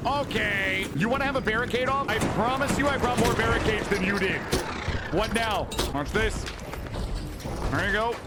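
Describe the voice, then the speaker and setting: A young man streaming a game live, talking to his chat in a loud, excitable way with sudden yelps. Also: sits high, normal speed, long pauses, very noisy. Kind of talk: live gaming stream commentary.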